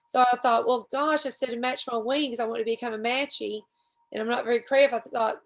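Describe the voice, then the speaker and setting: A chatty woman talks on a podcast in a fairly high, easygoing voice. She tells long, rambling stories and pokes fun at herself as she goes. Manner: rambling, self-deprecating, chatty. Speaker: podcast guest. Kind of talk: casual storytelling chat.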